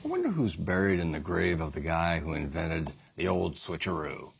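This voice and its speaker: A man's voice: low voice, sing-song, moderate pace, gravelly, noisy background. A male talk show guest reading jokes aloud with a dry delivery.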